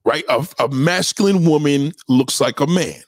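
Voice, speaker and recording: A man hosting a casual livestream, giving shout-outs to viewers and ranting in a profane, confrontational way. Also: on the high side, normal speed, dry recording, clean studio sound. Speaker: livestream host.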